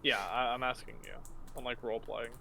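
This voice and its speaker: A man's voice: mid-range voice, flat delivery, brisk, creaky, pushed and bright. A man playing a tabletop role-playing game, talking in hesitant bursts with restarts. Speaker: player. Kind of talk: tabletop role-play chat.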